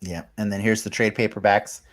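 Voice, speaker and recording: A man with a fairly low voice hosts a casual podcast chat. He moves through the rundown in an easygoing way, pausing to fill in details. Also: flat delivery. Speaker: podcast host.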